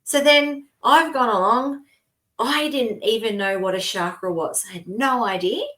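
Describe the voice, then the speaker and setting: A woman's voice: a little high, a little slow, a bit bright. Chatty Australian woman telling stories. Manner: rambling storytelling with frequent laughs. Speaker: co-host. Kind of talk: casual podcast chat.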